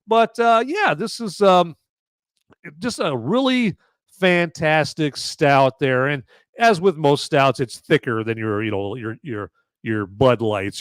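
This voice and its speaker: A man's voice: mid-range voice, no room sound. Rambling man with a dry close sound. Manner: rambling and animated, often tagging lines with "okay?". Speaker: podcast host. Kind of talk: casual beer review on a podcast.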